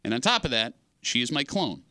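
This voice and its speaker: Lively animated radio host, bright voice. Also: male voice, medium pitch, brisk, no echo, clean studio sound. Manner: animated, teasing, storytelling. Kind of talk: morning radio banter.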